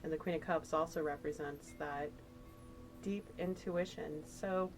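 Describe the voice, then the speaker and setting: A woman's voice: low voice, steady tone, unhurried, music in the background, rough recording. A woman giving a casual, emotional tarot reading, chatty and rambling with fillers. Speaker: tarot reader.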